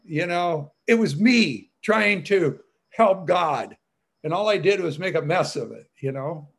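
A man's voice: high voice, lively intonation, a little slow, vocal fry, breathy edge. A man sharing a rambling personal testimony with fellow believers, chatty and full of "you know" fillers with frequent chuckles.

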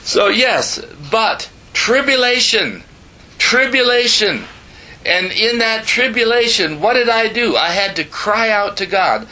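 A man's voice: sits high, animated, a little slow, few pauses, pushed and bright, poor audio. A man in his seventies preaching a sermon, telling his own story earnestly with emphatic asides and bantering with the audience. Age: 70s. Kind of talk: sermon testimony.

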